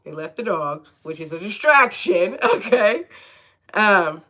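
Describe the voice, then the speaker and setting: A woman's voice: mid-range voice, big pitch swings, takes it slowly, sharp tone. A woman giving a casual live tarot reading from home, chatty and often checking in with "okay?". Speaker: tarot reader.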